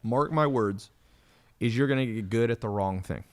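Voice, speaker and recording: A man hosting a podcast, telling stories in a blunt, animated way, swearing and laughing often. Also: mid-range voice, normal speed, slight background noise. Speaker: podcast host. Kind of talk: casual motivational chat.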